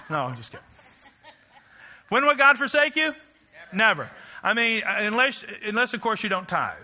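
A man's voice: sits high, expressive, brisk, pushed and bright. A man preaching a rousing, rhythmic sermon, leading the congregation in chants and slipping in joking asides. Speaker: pastor.

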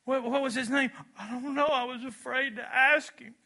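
A preacher putting on a young boy caught out and lying, who talks in a high, whiny, pleading voice. He is eager and defensive and keeps excusing himself. The voice is very bright and ringing. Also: fairly even intonation, moderate pace, vocal fry, heavily acted. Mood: fibbing.

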